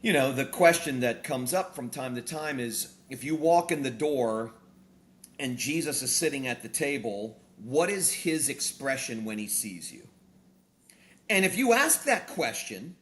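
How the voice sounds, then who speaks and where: On a talk show, a pastor and author preaches in an unhurried, medium-pitched voice. He tells his illustrations like a lively storyteller, acting out every quoted line and pushing his voice up to stress key ideas, all in a conversational style.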